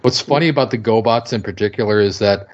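A wry man chats casually as a podcast co-host, cracking jokes in a fairly low voice. The sound is dull and lo-fi, lacking crispness. He talks in a relaxed, conversational way. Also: quick pace. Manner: wry, joking. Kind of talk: casual fan chat.

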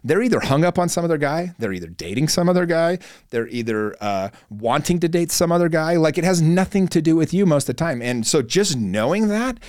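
A man's voice: fairly high pitch, dry recording. Earnest man coaching, dry close sound. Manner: earnest, coaching tone with many fillers and restarts. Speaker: podcast host. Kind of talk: motivational monologue.

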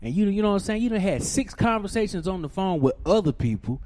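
A man telling a profane, ranting story, swinging from shouting to low muttering. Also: lively intonation, quick pace, a little hiss or hum.

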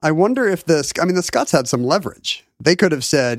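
A man's voice: a little high, lively intonation, no echo, clean studio sound. Wisecracking man on a podcast. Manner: quick wisecracking interjections. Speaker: podcast co-host. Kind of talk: casual banter.

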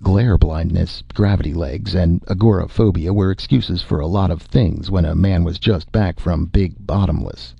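Deep gravelly male narrator. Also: dry recording. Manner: steady, measured storytelling. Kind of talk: audiobook narration. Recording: dull lo-fi dry recording.

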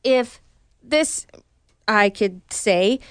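A woman co-hosting a podcast, chatting casually in an animated, rambling and blunt way with some swearing. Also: medium pitch, very slow, clear, resonant tone, dry recording. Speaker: podcast co-host. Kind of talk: casual chat.

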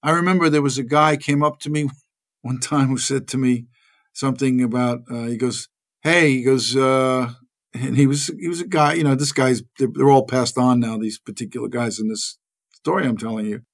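A man's voice: medium pitch, normal speed. A man telling rambling stories in a casual interview, acting out the people he quotes. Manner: rambling, animated, acts out quoted voices. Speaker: actor guest.

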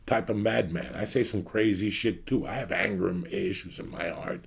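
Gravelly, profane man in his fifties. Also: deep voice, normal speed. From New York area. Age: 50s. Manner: blunt, profane, ranting to the audience. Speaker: podcast host. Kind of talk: profane comedic rant.

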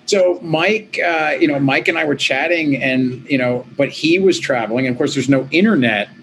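A middle-aged man, an interview guest, telling his story in a lively, conversational way, with quick restarts and quoted voices. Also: on the high side, a little hiss or hum, poor audio. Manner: animated, quick restarts, quotes himself and others.

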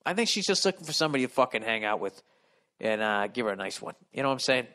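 A man in his fifties with a Boston accent hosting a solo podcast, reading listener mail aloud and riffing on it in a profane, animated rant. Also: medium pitch, fast talker. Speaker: podcast host.

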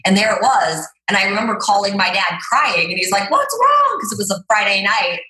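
A woman guest talks through her story in a loose, chatty way, packing her sentences with filler words. Her voice is bright and forceful. The recording has a roomy echo around her. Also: medium pitch, steady tone, fairly quick. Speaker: guest, fitness trainer. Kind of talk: casual storytelling interview.

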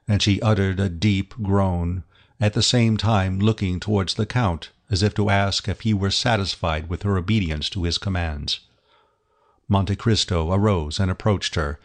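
Man, audiobook narrator, low-pitched, steady dramatic reading. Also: measured pace. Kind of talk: scripted narration of a classic novel.

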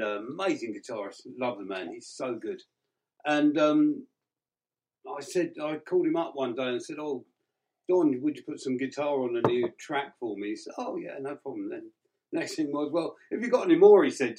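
A man's voice: medium pitch, warm tone, rough recording. A man from England with an English accent, a guest musician chatting easily in an interview and laughing often. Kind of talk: casual interview answers.

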